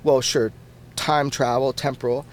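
A man being interviewed as a podcast guest, who talks in an animated and casual way, swears freely and often restarts his words. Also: mid-range voice, measured pace.

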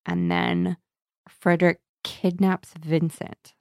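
A woman co-hosting a casual book discussion, animated and laughing often as she retells scenes. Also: fairly low pitch, takes it slowly, creaky, dry recording, studio quality. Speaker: book podcast co-host. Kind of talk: casual chat.

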